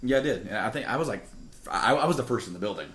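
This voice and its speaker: Drinking beer as he goes, a man hosts a gaming podcast from a studio, rambling through casual chat. He talks fast and animatedly in a voice that's on the low side with a fairly bright tone.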